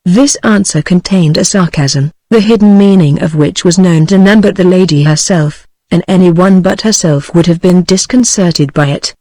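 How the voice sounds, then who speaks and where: A synthetic woman's voice with a British English accent, reading a classic novel as an audiobook in an even, machine-read delivery. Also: lowish voice, moderate pace, few pauses, no echo. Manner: even synthetic reading, same voice for all characters. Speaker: audiobook narrator. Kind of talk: text-to-speech audiobook reading.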